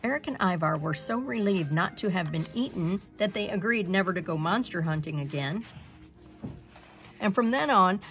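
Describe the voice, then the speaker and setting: A woman's voice: medium pitch, low-quality recording. A woman reading a children's picture book aloud expressively. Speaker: storybook reader.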